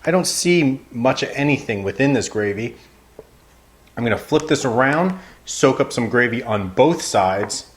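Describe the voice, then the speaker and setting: A man hosting a casual food review show, talking straight to his viewers. He is wry and playfully exasperated. His voice sits at an ordinary middle pitch for a man. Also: lively intonation, a little slow.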